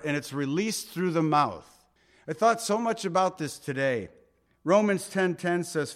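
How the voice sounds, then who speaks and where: Man preaching, lively swooping voice, slightly high, conversational and playful. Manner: lively, conversational, acts out scenes and jokes. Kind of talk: sermon.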